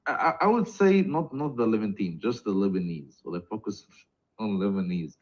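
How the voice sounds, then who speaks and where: A man with a low voice talks in a relaxed live-stream chat. He stumbles and restarts his sentences often. The audio is dull and lo-fi. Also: a little fast. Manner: hesitant, many repeated starts and fillers. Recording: dull lo-fi sound.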